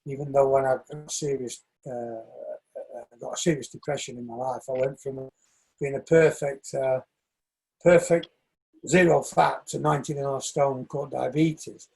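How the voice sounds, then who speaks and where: A man in his sixties, a shoemaker and dance coach, telling lively stories in a casual interview and acting out other people's voices. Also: mid-range voice, normal speed, gravelly, breathy edge, rough recording. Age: 60s. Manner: animated storyteller, acts out quoted voices.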